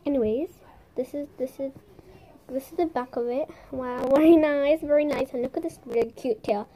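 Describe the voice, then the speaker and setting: A woman's voice: high voice, moderate pace, dark tone. A young woman chatting casually as she shows off toy squishies and slime, bubbly and playful, sometimes dropping into a whisper and making little sound effects. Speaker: vlogger showing squishies and slime. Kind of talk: casual show-and-tell with ASMR bits.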